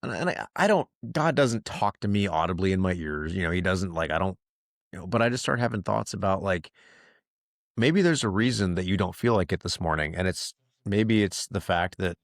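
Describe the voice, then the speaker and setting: Male podcast host, earnest and reflective with easy chuckles, deep voice, dry sound. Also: expressive, a little fast, creaky, no room sound.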